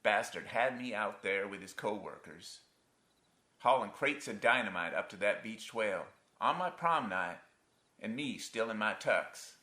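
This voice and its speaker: A man's voice: on the low side, expressive, unhurried, sharp tone. A man acting a stage monologue as a grown son haunted by his abusive father, telling it in a wry, folksy rural dialect on a theatre stage. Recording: roomy theatre sound.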